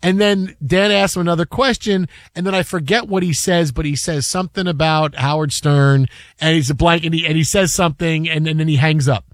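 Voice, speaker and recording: A man's voice: on the high side, fairly even intonation, fairly quick, no echo, studio quality. A man hosting a sports talk show, telling stories animatedly and acting out the people in them. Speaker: sports radio host.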